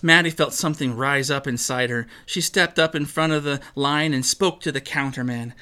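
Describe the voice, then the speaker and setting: A man reads a children's story aloud with a bright, forward tone. His voice sits a little high for a man. He brings the lines to life, putting on a new voice for each character. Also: normal speed, clean tone. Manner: animated, acts out each character.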